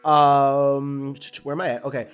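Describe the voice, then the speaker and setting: A man casually recapping a TV episode, animated and colloquial, rambling with restarts. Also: medium pitch, unhurried, clean tone, faint music behind.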